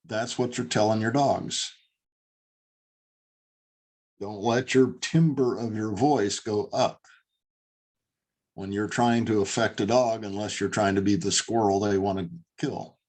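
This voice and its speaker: A male dog trainer leads a lesson over a video call, his voice sitting on the low side. He talks in an unhurried, deliberate way and leans hard on his points. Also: steady tone, a little mellow. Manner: emphatic, demonstrates voice tones.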